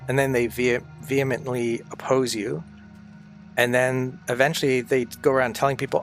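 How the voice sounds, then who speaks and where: A man's voice: mid-range voice, steady tone, moderate pace, vocal fry, faint music behind. A man chatting casually on a livestream, rambling and swearing freely, sounding tired and sick.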